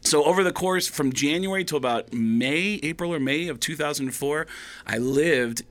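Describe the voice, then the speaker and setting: A man, a stand-up comedian, telling a long anecdote in conversation and lively acting out the voices of the people he quotes. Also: normal speed. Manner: animated, acts out quoted voices with big pitch jumps.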